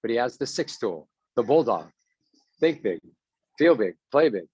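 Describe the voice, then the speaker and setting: A man's voice: mid-range voice, very animated, normal speed, a little mellow, husky, dry recording, lo-fi sound. A man giving a motivational talk to baseball players as their mental coach, punchy and repetitive, having them chant mantras.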